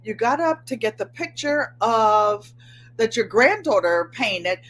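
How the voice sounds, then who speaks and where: A woman's voice: a little high, lively intonation, slow pace, fairly bright tone. An older woman hosting a live stream, chatting casually and greeting viewers by name. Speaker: channel host.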